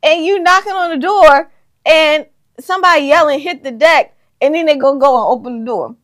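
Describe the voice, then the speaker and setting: A woman's voice: high voice, brisk, fairly bright tone. A young woman, chatting casually as co-host and telling stories animatedly, laughing often. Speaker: co-host, daughter. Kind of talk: casual chat.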